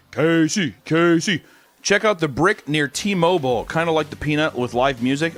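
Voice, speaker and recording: A man's voice: on the high side, moderate pace, a bit bright, faint music behind. A young man streaming, reading out fan messages in a crude, joking, sarcastic casual chat.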